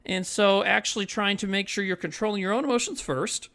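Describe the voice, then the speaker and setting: A man's voice: high-pitched, steady tone, brisk, gravelly, sharp tone. A man co-hosting a podcast in casual chat, earnest and profane, rambling with lots of fillers. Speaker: podcast co-host.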